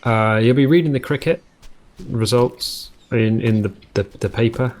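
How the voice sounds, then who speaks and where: A man at a middle pitch talking through a survival game from his home. He rambles and drifts into joking tangents, often cutting himself off and starting over. It sounds relaxed and unscripted, like a casual let's-play host. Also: moderate pace. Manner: rambling, self-interrupting, jokey tangents. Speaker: gaming video host.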